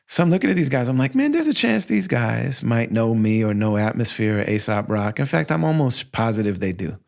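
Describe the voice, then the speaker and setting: A man in his forties, hosting a podcast and telling a personal story in a casual, heartfelt way, often quoting himself in lively asides. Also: mid-range voice, a little fast, vocal fry. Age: 40s. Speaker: podcast host.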